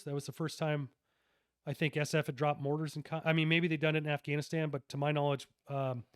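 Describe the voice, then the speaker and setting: A middle-aged retired army officer, appearing as a podcast guest, recounts his combat deployments in a laid-back, slangy way full of fillers and restarts. His voice is a little high, clear and resonant, and the recording is dry and studio quality.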